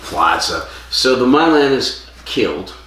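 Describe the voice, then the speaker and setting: A man's voice: mid-range voice, sing-song, takes it slowly, background noise. A man co-hosting a casual podcast, rambling through a plot recap and stopping to search for names. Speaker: podcast co-host. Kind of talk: casual chat. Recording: echoey room, distant mic.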